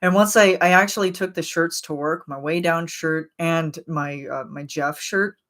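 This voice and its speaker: A woman of twenty-eight hosts a casual livestream and talks straight to her chat. Her voice sits low for a woman. She rambles and trails off, with lots of "um" and "like" as she goes. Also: fairly even intonation, normal speed, a bit bright. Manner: rambling and chatty, with frequent fillers and laughs. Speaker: livestream host.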